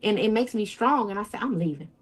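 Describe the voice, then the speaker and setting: A woman's voice: medium pitch, steady tone, fast. A woman telling her own story as an interview guest, often quoting others and swinging her voice up and down. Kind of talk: emotional first-person account.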